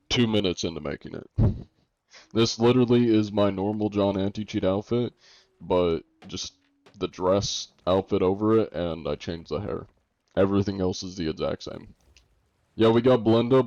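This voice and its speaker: Young American streamer, wry and joking, mellow dark tone. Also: male voice, lowish voice, no echo. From United States. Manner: joking, reads chat aloud and answers it. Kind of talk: casual livestream chat. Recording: dull lo-fi stream audio.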